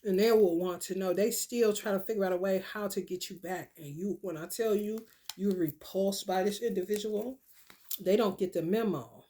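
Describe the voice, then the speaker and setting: A woman's voice: medium pitch, moderate pace. A woman ranting straight to her viewers in a casual, swearing monologue, calling them "y'all" and "honey" as she preaches. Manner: animated, swearing, preachy rant. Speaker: vlogger.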